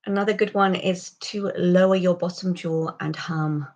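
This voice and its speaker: A woman giving a pronunciation lesson, calmly explaining and slowly modelling sounds for the listener to repeat. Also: on the low side. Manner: calm, instructive, models sounds slowly for repetition. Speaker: accent coach.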